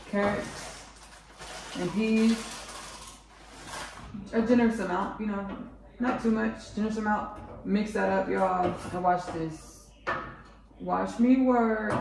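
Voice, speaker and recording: A woman's voice: medium pitch, vocal fry, recorded from a distance, background noise. A woman hosting a home cooking show, rambling casually and often calling her viewers "y'all". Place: home kitchen. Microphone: camera set up on the counter. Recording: echoey kitchen, faint clicks.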